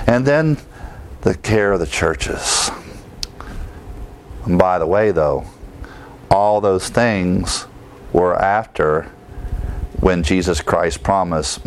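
This preacher's voice sits low and sounds animated as he goes through Bible verses, explaining them and posing rhetorical questions. He often pauses and restarts along the way.

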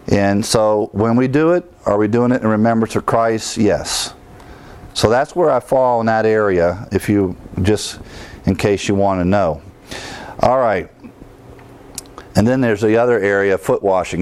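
A man's voice: fairly low pitch, a little mellow. A middle-aged man pastor preaching a sermon in a conversational teaching style, chuckling now and then and restarting his sentences.

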